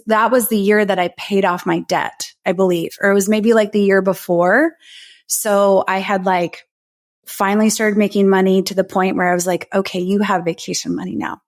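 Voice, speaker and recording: This is a woman sharing a personal story in a podcast interview. Her voice sits at a middle pitch. She talks openly and emotionally and often doubles back mid-sentence. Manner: heartfelt, emotional, many restarts. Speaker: guest, breathwork facilitator.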